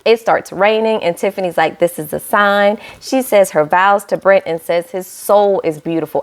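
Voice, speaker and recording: A woman, recapping a reality show episode in a chatty, animated way and talking straight to her viewers with playful asides. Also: mid-range voice, moderate pace, hardly any pauses, clean tone. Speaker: reality TV reviewer. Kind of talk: casual recap vlog.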